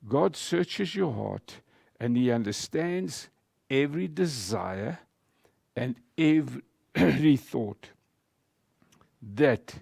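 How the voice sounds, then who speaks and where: A man preaching a sermon as pastor, speaking in a slow, emphatic way with deliberate pauses. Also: medium pitch, gravelly, a little mellow, no echo, studio quality.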